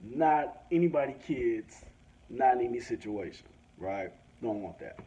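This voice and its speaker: A man's voice: medium pitch, a little slow. A man telling a story as a rant, swearing freely and acting out both sides of the conversation. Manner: profane, animated, acts out both sides of conversations. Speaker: vlogger. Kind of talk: ranting storytelling. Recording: dull lo-fi sound with faint background hiss.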